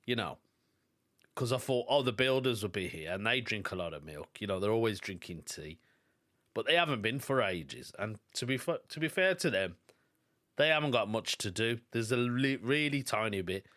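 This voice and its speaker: A man's voice: fairly low pitch, expressive, moderate pace, fairly bright tone. A British man hosting a solo podcast, rambling through casual anecdotes and acting out quoted voices. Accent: British English. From United Kingdom. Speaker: podcast host.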